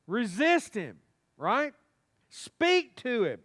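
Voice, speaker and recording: A male pastor delivers a sermon in a church sanctuary. His voice sits high for a man, and his delivery is animated and folksy, often calling on the congregation to respond. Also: extremely slow.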